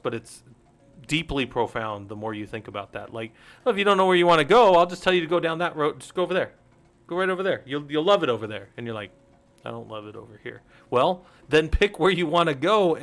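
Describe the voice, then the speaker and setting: A man's voice: medium pitch, fairly bright tone. Guy rambling thru a casual tech stream, middle-aged, cuts himself off a lot. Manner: rambling, self-interrupting, laughs at own jokes. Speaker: host. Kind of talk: casual livestream teaching.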